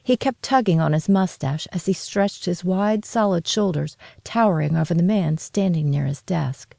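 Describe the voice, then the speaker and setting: A woman narrating a story in a steady, measured reading voice. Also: lowish voice, creaky, no room sound.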